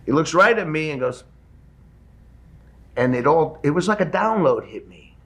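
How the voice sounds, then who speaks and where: A man in his fifties, a guest in a studio interview, telling a story with animated energy and acting out the people in it. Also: on the high side, normal speed. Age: 50s.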